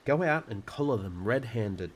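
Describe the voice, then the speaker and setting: A man's voice: expressive, normal speed, lightly acted. A man voicing a frightened, bossy mother who hisses urgent orders in a storybook reading. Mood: alarmed. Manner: shrill, hissing urgency.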